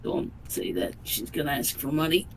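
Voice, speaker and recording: A man's voice: on the high side, unhurried, sharp tone, far from the mic, low-quality recording. A man playing an estranged father in a tabletop game, earnest and prone to wry jokes. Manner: earnest, then wryly joking. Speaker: player.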